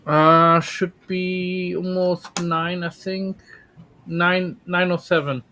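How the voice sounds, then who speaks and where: Guy on a podcast call, bit high voice, playful and teasing. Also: little pitch movement, slow pace, pushed and bright, a little hiss or hum. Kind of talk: casual podcast chat.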